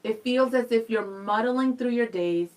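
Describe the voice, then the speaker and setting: A young woman co-hosting a radio show, chatting casually and reading viewer comments aloud in a lively way. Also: a little high, normal speed, low-quality recording. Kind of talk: casual live-stream chat.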